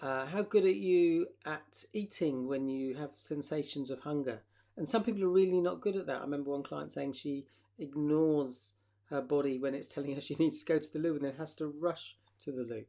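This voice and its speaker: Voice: mid-range voice, normal speed, warm tone. A therapist leading a live online workshop, asking the audience reflective questions and acting out short example dialogues.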